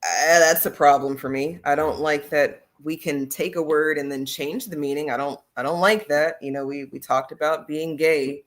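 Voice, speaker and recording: In a low voice with fairly even intonation, this host and teacher talks at normal speed with few pauses. She addresses her livestream viewers directly and emphatically in a casual discussion.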